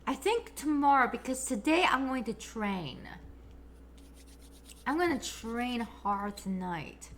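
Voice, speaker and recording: A woman hosting a casual chat, excitable and quick to react. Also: a little high, a little hiss or hum. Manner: excitable, animated. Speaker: host.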